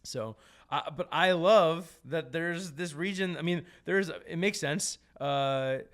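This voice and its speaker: A man's voice: on the high side, a bit bright. A man with a New Jersey accent hosting a casual podcast chat, joking and stumbling over restarts. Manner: halting, many restarts, joking. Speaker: podcast host.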